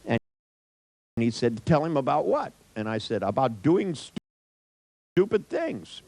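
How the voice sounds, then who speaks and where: A man's voice: medium pitch, big pitch swings, normal speed, darkish tone, poor audio. An older man telling a rambling personal anecdote in a wry, profane way, with many restarts and asides.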